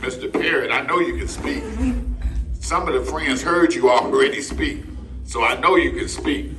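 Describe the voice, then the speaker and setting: A man's voice: mid-range voice, moderate pace, far from the mic. A man performing as a ventriloquist for children, coaxing his puppet in a playful way. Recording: echoey room with loud noise.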